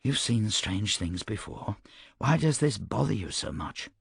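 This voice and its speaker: A man's voice: on the low side, very animated, unhurried, creaky, husky, no room sound, clean studio sound, exaggerated voice. A man voicing a tense, snappish woman soldier. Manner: snapping, strained.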